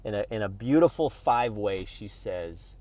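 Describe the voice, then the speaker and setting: Rambling low-voiced man vlogging. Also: expressive, moderate pace, dark tone, dry recording. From Oklahoma. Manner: rambling, full of restarts and fillers, playful. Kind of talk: casual rambling travelogue monologue.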